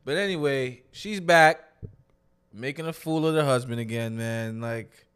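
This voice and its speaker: A laid-back man chatting as a podcast co-host, joking and trailing off mid-thought. His pitch sits in an ordinary middle range for a man. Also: a little slow, fairly bright tone, smooth. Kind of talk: casual chat.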